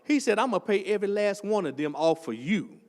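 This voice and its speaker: Older preacher, high animated voice. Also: male voice, fairly quick, long reverb tail. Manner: animated storytelling, swells into shouting. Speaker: associate pastor. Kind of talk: testimony sermon.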